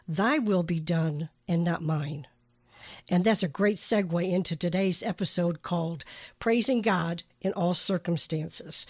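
A woman hosting a devotional podcast, talking earnestly and slowing down to stress key phrases. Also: medium pitch, a little mellow, no echo. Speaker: podcast host. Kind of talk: devotional teaching talk.

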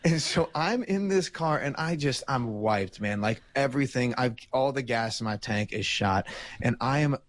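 A man co-hosting a talk radio show, telling a story in an animated way and often breaking into laughter. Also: mid-range voice, moderate pace.

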